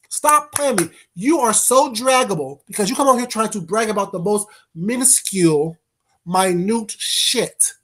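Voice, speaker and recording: A livestream host with a very high-pitched, fairly bright voice rants bluntly and swears heavily. He tears into trolls, pauses to greet chat viewers by name, then returns to the attack.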